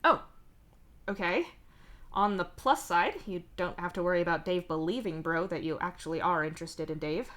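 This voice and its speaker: Woman doing a teasing young companion, dry and gentle, lowish voice, fanfic read. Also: moderate pace, close to an everyday voice. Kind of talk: live fanfic reading.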